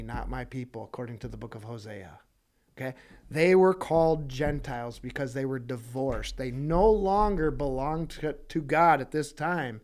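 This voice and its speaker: A man teaching a casual bible study sermon in an animated, conversational way, acting out the quotes. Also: on the high side.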